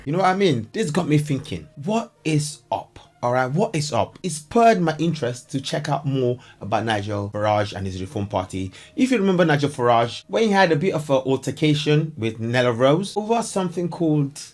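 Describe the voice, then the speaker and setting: A man's voice: a little high, fairly quick, hardly any pauses. Jokey man vlogging. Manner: excitable, jokey, chatty, addresses viewers as guys. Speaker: commentary vlogger. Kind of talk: casual comedic commentary.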